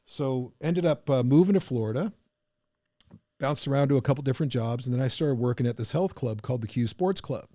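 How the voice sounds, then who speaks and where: Man, podcast guest, lively storyteller, dry close sound. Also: mid-range voice, a little fast, no echo. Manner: animated, acts out the people in his stories. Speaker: podcast guest, business coach.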